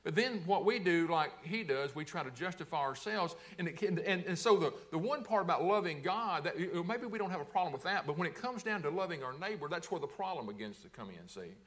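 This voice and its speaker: A man's voice: on the high side, animated, fairly quick, few pauses, a bit bright. A man preaching a sermon to a congregation in a church, posing rhetorical questions and answering them himself, often repeating words. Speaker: pastor. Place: church sanctuary.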